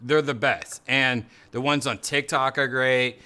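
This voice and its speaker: A man's voice: mid-range voice, steady tone, measured pace, pushed and bright. A man hosting a casual podcast chat, rambling and acting out quotes in funny voices. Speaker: podcast host.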